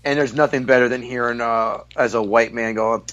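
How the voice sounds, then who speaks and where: A man who is a guest comedian, telling stories in a casual podcast chat, talking fast, loud and forward, full of profanity. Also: mid-range voice, steady tone, highs cut off.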